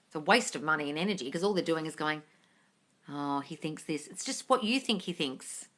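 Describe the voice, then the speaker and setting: A woman hosts a live Q&A and answers her viewers' comments in a blunt, scolding, exasperated way, with a lot of swearing. Her voice is bright and sharp, and it swings widely in pitch, rising and falling as she pushes her point. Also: animated, fast talker. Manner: reads viewer comments aloud. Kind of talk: casual live-stream Q&A.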